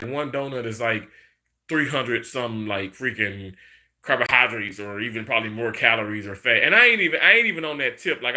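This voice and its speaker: A man's voice: mid-range voice, sharp tone. A man chatting casually on a live stream, rambling about food and greeting viewers by name.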